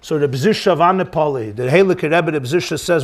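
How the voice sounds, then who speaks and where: A rabbi telling a story in the manner of a sermon. His high-pitched voice is lively and animated, and he builds the scene with energy. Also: a little fast.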